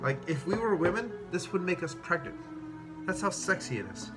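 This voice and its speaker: A man tasting and reviewing beer in a casual vlog, excitable and rambling, swearing freely and a bit tipsy after several beers. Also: high voice, fairly quick. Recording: music playing clearly behind the voice.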